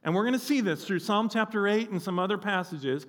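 A man preaching a sermon as pastor, telling a story with lively acted-out quotes. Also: high-pitched, fairly quick.

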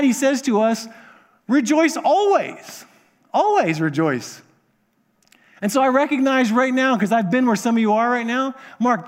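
Male pastor, high voice, earnest sermon delivery, hammers points home by repeating them. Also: big-room sound. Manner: earnest, repeats phrases for emphasis.

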